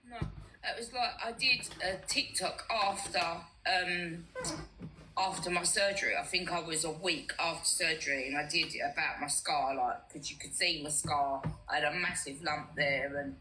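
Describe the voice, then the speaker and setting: A woman's voice: deep voice, normal speed, bright, forceful tone, slight background noise, low-quality recording. A young woman, chatting casually on a live stream and frankly telling a personal story, acting out both sides of past conversations. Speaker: host.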